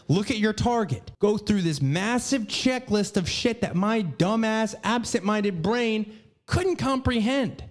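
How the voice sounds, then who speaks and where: A man's voice: high-pitched, a little mellow. A young man ranting profanely and scatteredly as a podcast host. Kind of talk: casual ranting commentary.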